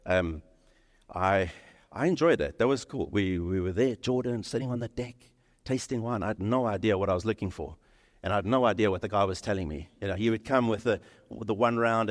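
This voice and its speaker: A male pastor preaching a sermon, animated, acting out the lines of the people in his story. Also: lowish voice. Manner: animated, acts out dialogue in quoted voices. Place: church sanctuary. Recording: reverberant church hall.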